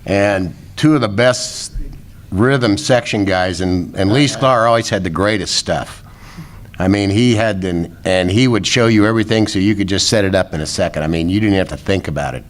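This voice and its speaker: Low-voiced older man telling road stories. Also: moderate pace. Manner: rambling, chuckling anecdote teller. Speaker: former rock roadie, guest. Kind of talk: casual storytelling interview.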